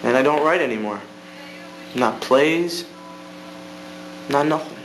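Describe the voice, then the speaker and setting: A young man performing an amateur monologue as a student, telling a story in a halting, wistful way with restarts. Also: mid-range voice. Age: young adult. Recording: echoey room with faint hum.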